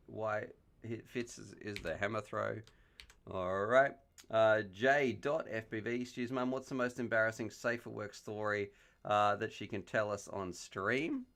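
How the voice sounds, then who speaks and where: A man's voice: lowish voice, a bit bright. A man hosting a casual live stream on a headset mic. He chats, jokes and reads viewer questions aloud. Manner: chatty, joking, reads chat messages aloud.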